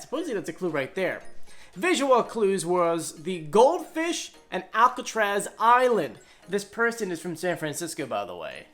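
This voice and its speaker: A woman vlogger giving an excitable, casual recap commentary, full of quick asides. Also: medium pitch.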